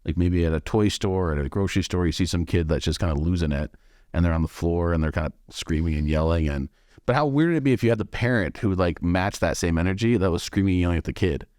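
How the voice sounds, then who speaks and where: A man hosting a casual interview, joking and telling stories in an animated way. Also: deep voice, fast, no echo, studio quality. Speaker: podcast host.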